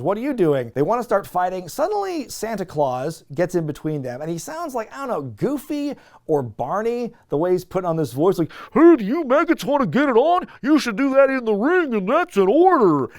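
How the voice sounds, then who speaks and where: Podcast guy recapping, kinda high voice, sarcastic and fed up. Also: a little mellow. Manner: sarcastic, exasperated. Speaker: podcast host. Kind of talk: casual episode recap commentary.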